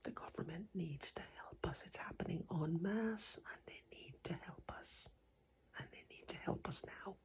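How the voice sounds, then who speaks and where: A woman with a foreign accent whispers nearly every word in an agitated rant to her viewers, cursing and stumbling over restarts. Her hushed voice is very husky and breathy, with a gravelly, fry-laden edge underneath. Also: lowish voice. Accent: some foreign accent. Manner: whispers almost throughout, agitated and swearing, halting restarts. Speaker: vlogger. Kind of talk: whispered personal rant to camera.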